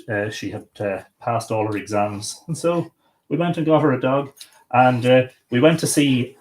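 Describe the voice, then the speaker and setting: A middle-aged man with an Irish accent chats loosely on a home livestream. His voice sits at an ordinary middle pitch, and he rambles along with fillers and asides. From Ireland. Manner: rambling, chatty, coaxing his dog in a sing-song voice. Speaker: livestream host. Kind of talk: casual livestream chat.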